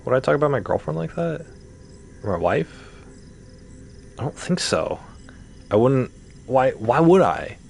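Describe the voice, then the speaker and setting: A man's voice: medium pitch, sing-song, a little slow, creaky, long pauses, a little mellow, faint music behind. A man talking casually while playing a game, ranting with rhetorical questions and swearing. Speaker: gaming streamer. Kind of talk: casual rant while gaming.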